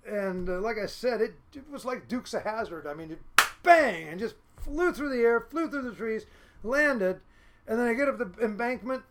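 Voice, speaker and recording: A man from Seattle, a fishing boat captain, telling casual podcast stories in a lively way, full of fillers and laughs. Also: very high voice, moderate pace, slight background noise. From Seattle, United States. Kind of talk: casual storytelling.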